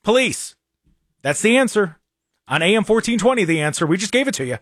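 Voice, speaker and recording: A man from hosting a radio talk show, with an animated, exasperated manner and frequent restarts. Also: sits high, a little fast, dry recording, clean studio sound.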